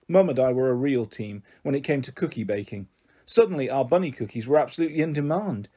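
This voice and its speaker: A man's voice: medium pitch, animated, fast talker, dark tone. A man reading a children's storybook aloud, narrating expressively. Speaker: audiobook reader.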